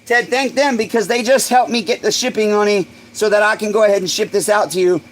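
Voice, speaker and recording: A man hosting a casual livestream, excitable and swearing freely, bursting into shouts. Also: sits high, fairly quick, a little hiss or hum, rough recording. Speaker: livestream host.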